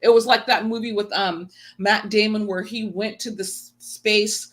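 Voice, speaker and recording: A woman's voice: medium pitch, fairly even intonation, unhurried, a bit bright. A woman co-hosting a casual livestream chat, enthusiastic and swearing casually, with lots of "like" fillers. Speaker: co-host. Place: home, live stream.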